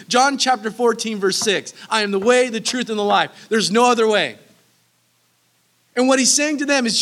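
Man preaching, high voice, bright and forceful tone, earnest, emphatic repetition, verse-by-verse sermon. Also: normal speed. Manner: earnest and emphatic, repeats key phrases; casual asides that break into laughter. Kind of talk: sermon, verse-by-verse Bible teaching.

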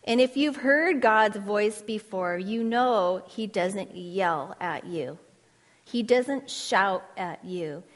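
A woman preaching a sermon, earnest and emphatic, with dramatic pauses. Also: medium pitch, lively intonation. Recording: long hall reverb.

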